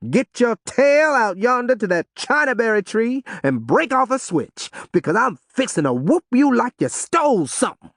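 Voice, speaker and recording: A stern older preacher father, played by a male narrator growls out his threats in a hoarse southern drawl. He drags some words slowly, then his voice jumps sharply upward as he barks orders. The sound is dry and close. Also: very high-pitched, sing-song, fairly bright tone, no room sound, pitched above the performer's own voice, exaggerated voice. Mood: ordering.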